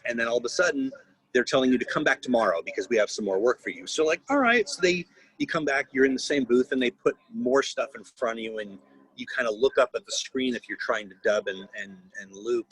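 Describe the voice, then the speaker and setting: A man's voice: medium pitch, fairly quick, fairly bright tone, husky, no echo, low-quality recording. A man in his fifties, a guest voice actor, telling rambling stories on a video call, restarting often and laughing. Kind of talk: casual anecdotal interview.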